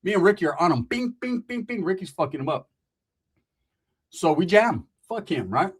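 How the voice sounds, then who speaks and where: A man's voice: high voice, lively intonation, moderate pace, breathy edge. A man telling a rambling, profane street story in casual slang, full of asides.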